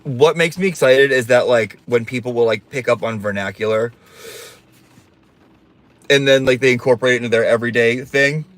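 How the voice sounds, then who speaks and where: A man's voice: medium pitch, brisk, fairly bright tone. A man chatting on a casual livestream in a campy, sassy way, with a mid-range voice. He swears freely and reads viewer comments aloud in a playful drawl. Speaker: livestream host.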